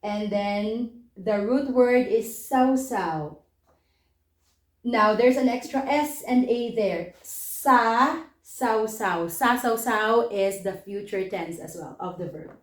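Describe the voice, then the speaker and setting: A woman's voice: mid-range voice, slow pace, reverberant. A woman teaching an online language lesson, patiently explaining verb forms step by step and checking in with "okay?".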